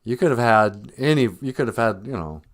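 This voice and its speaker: A man hosting a live comedy podcast, rambling through mock-earnest, deadpan satire. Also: mid-range voice, a little fast. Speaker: podcast host.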